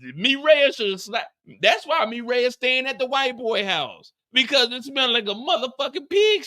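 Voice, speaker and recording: A man hosting a live TV after-show, ranting in an animated, profane way. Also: very high-pitched, moderate pace, hardly any pauses. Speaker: host.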